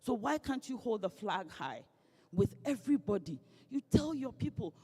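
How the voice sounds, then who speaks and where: Woman, lively motivational speaker, heard with long hall reverb. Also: on the high side, normal speed, husky. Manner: lively, playful, acts out quoted voices. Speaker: guest speaker. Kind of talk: motivational speech.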